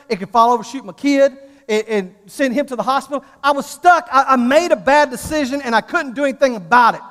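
A middle-aged male pastor preaching a sermon, telling a comic story with excitable energy before turning to earnest pleading. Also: very high-pitched. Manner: animated, excitable storytelling that builds to urgent pleading. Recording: long hall reverb.

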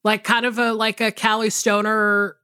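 A woman co-hosting a podcast in a casual chat. She talks in a relaxed, rambling way with many restarts. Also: mid-range voice, moderate pace, clear, resonant tone, dry recording, clean studio sound. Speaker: podcast co-host.

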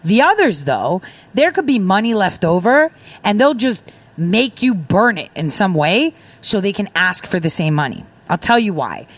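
A woman's voice: mid-range voice, very animated, normal speed, no room sound. A woman talking as a guest on a political talk show, emphatic and rambling, acting out quoted exchanges as she explains. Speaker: defense contractor. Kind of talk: political talk radio conversation.

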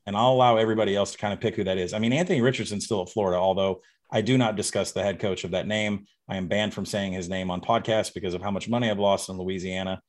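A man's voice: on the low side, fairly even intonation, fast talker. A man from Arkansas, a betting guest on a podcast, giving confident, emphatic predictions in casual chat. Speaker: college football betting guest.

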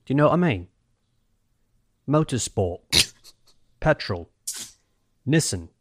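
A man putting on a gruff, slangy British lad obsessed with cars. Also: mid-range voice, very animated, takes it slowly, no room sound, clean studio sound, full character voice. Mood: blokey. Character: blokey British car-loving lad.

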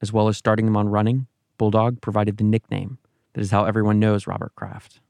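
A man giving measured, scripted documentary narration. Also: on the low side, vocal fry. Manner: measured, even storytelling delivery.

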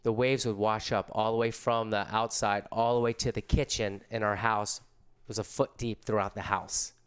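A man's voice: lowish voice, flat delivery, moderate pace, clear, resonant tone. A middle-aged man casually telling a story in laid-back, slangy surfer talk.

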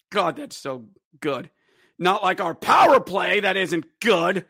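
A man's voice: fairly high pitch, lively intonation, moderate pace, pushed and bright, no echo, studio quality. A man hosting a fan podcast, recapping hockey games in play-by-play style with wry, bitter sports-fan humor. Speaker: podcast host.

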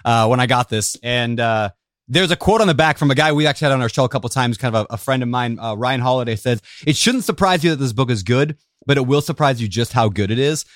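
Fast-talking, eager podcast host. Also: male voice, mid-range voice, no echo, studio quality. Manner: enthusiastic, with fillers and restarts. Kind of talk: casual interview.

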